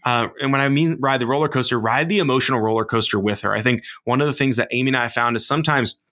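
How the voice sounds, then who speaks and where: Bright-voiced earnest man. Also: mid-range voice, quick pace. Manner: earnest, rambling with many fillers. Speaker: podcast co-host, father. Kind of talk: casual advice chat.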